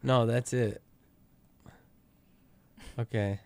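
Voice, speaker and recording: Young man, co-host, casual chat, warm dark tone, playful jokes. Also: mid-range voice, steady tone, extremely slow, vocal fry, a little hiss or hum. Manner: joking, playful asides. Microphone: studio microphone with pop filter.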